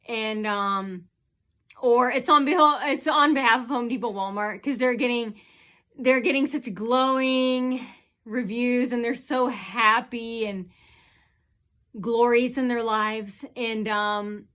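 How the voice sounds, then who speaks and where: A woman's voice: fairly high pitch, fairly bright tone. A woman vlogger rambling through an aggrieved personal account, retelling who said what with many fillers and restarts.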